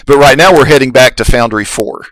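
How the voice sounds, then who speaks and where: A man acts as game master for a tabletop game, narrating in a relaxed, halting way with plenty of fillers. His voice sits in the mid range, and the recording is rough.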